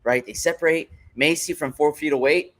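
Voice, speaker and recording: A man co-hosting a casual talk show, excitedly retelling fight moments and using plenty of filler words. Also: a little high, fairly quick. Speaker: co-host. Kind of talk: casual fight-recap chat.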